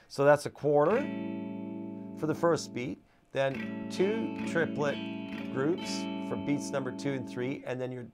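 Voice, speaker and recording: A man's voice: medium pitch, creaky. A man teaching a guitar lesson in a casual, chatty way, counting beats aloud as he strums. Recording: guitar playing loud behind voice. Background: acoustic guitar strumming.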